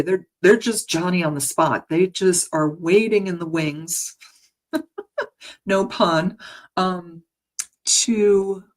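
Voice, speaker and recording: A woman with a low, deep speaking voice talks her listeners through what a healing meditation will involve. She is gentle and chatty, restarting her sentences and laughing softly, and comes across as earnest and easily moved. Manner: emotional, earnest. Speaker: meditation guide and healer. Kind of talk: casual spoken introduction to a guided meditation.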